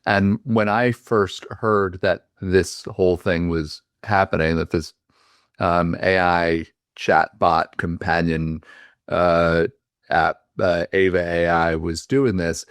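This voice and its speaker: Deep-voiced male podcast host, dry sound. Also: flat delivery, takes it slowly, no room sound. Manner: loose, rambling storytelling. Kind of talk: casual interview.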